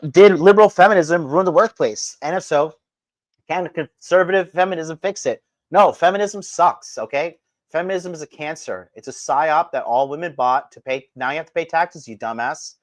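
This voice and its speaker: A man hosting a live stream, ranting crudely and mockingly, his voice swinging from loud outbursts to low mutters. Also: normal speed, dry recording. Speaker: livestream host. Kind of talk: crude provocative livestream rant.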